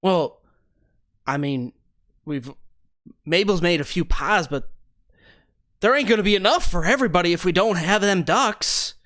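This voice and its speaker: A man's voice: high-pitched, lively intonation, measured pace, long pauses, fairly bright tone, dry recording, studio quality, pitched above the performer's own voice. A man doing a stammering, panicky village busybody. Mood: flustered. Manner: stammering, repeating words. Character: flustered, panting male village busybody. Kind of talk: tabletop role-play character voice.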